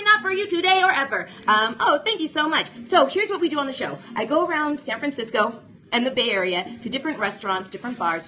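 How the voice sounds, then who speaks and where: A woman's voice: mid-range voice, sharp tone. A young woman hosting a live stream from home, bubbly and playful, greeting viewers by name. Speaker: live show host.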